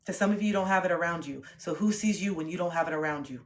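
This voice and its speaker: A woman's voice: on the low side, very fast. A young woman streams a motivational talk, driving hard at her listeners with repeated questions and plenty of swearing. She sounds intense and preachy, pushing and challenging rather than comforting. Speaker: livestreamer.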